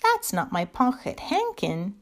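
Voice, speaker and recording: A woman's voice: medium pitch, wildly swooping pitch, a little slow. A woman voicing a curious, polite little girl in a storybook reading, eagerly asking questions.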